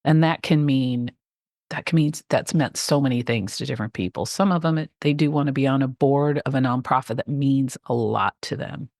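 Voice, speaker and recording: A woman's voice: extremely low pitch, moderate pace, a little mellow, no echo, studio quality. A middle-aged woman, a life coach guest, talking enthusiastically and a bit rambling about clients facing change. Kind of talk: casual interview chat.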